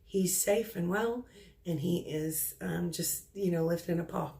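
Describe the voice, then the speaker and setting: A middle-aged woman working as a psychic medium, relaying spirit messages in a halting, soft-spoken way with many pauses and restarts. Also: fairly low pitch, gravelly, noisy background.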